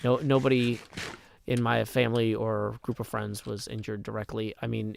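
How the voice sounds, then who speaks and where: A man hosts a relaxed livestream and talks in loose, halting sentences full of filler words. He sounds upbeat when he thanks viewers and reads their messages aloud. His voice sits at an ordinary middle pitch. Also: creaky, slight background noise. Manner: hesitant, full of ums and likes. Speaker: livestream host. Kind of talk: casual livestream chat.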